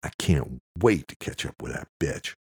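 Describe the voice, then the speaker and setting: A man's voice: very deep voice, lively intonation, normal speed, breathy edge, heavily acted. A man voicing a tough, foul-mouthed male investigator who speaks urgently in an audiobook. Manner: urgent, cursing.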